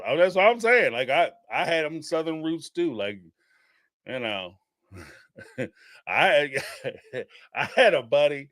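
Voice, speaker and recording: A man's voice: a little high, big pitch swings, slow, pauses often, fairly bright tone, no room sound, clean studio sound. Chatty man hosting a recap stream. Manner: rambling, chatty, lots of fillers and laughter. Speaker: reality TV recap host. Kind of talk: casual live-stream commentary.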